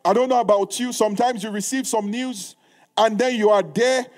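Male pastor, high voice, emphatic preaching, repeats phrases, reads scripture aloud. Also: steady tone, moderate pace. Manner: reads scripture aloud in old-style wording. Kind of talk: sermon.

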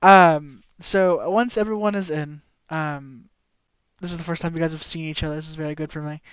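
High, clear-voiced game master. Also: male voice, fairly even intonation, moderate pace, a bit bright, no room sound. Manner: hesitant, lots of ums while describing. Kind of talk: narrating a tabletop game. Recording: slightly dull dry audio.

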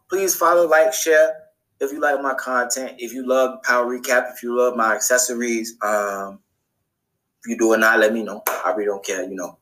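A man hosting a podcast, recapping a TV episode in a casual, colloquial monologue and repeating phrases for emphasis. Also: rough recording. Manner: animated, acts out characters' lines in a higher voice. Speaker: podcast host.

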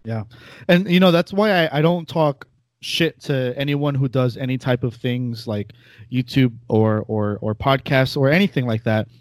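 A man's voice: mid-range voice, normal speed, no room sound. A man, chatting casually as a podcast guest in a rambling, self-deprecating way. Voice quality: nasal. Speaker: podcast guest, former host. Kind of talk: casual chat.

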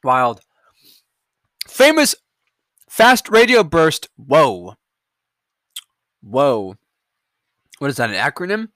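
A man's voice: a little high, wildly swooping pitch, very slow, long pauses, fairly bright tone, dry recording. A man hosting a podcast, reacting to headlines in a rambling, profane, sarcastic rant. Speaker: podcast host. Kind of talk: casual news-reaction rant.

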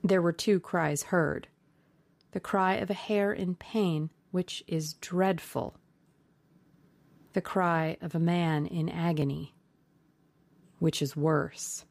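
A woman narrating a classic novel aloud in slow, measured storytelling. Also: lowish voice, fairly even intonation, creaky, a little mellow, no room sound. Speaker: audiobook narrator.

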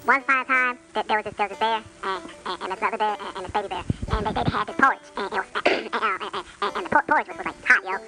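A squeaky chipmunk storyteller. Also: male voice, quick pace, hardly any pauses, over music, poor audio. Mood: rambling, sassy. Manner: rambling, stammering, crude comic asides. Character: sped-up chipmunk telling a rowdy fairy tale. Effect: pitched-up chipmunk voice. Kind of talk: comic storytelling.

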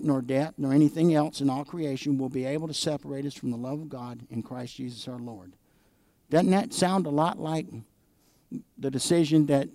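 A man's voice: fairly high pitch, darkish tone, no room sound, studio quality. A middle-aged American man preaching a sermon, emphatic and calling out to the congregation for amens. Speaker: pastor.

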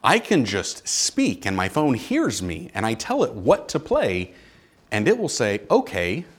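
A man's voice: medium pitch, huge pitch swings, unhurried, husky. A man in his forties, a pastor giving a casual, conversational sermon in a church with joking asides to the congregation. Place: church sanctuary.

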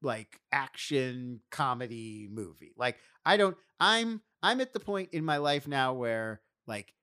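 A man co-hosting a casual movie podcast, his mid-range voice rising and falling in a very lively way. He talks in an animated, wry manner and drops sarcastic asides. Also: mid-range voice, unhurried, clear, resonant tone. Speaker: podcast co-host. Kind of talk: casual chat about movies.

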